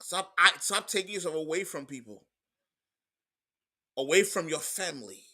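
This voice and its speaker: A man preaching a sermon in an emphatic, repetitive style, moving between quiet stretches and loud outbursts. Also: a little high, lively intonation, moderate pace. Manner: emphatic preaching, repeats words, swings from soft to loud.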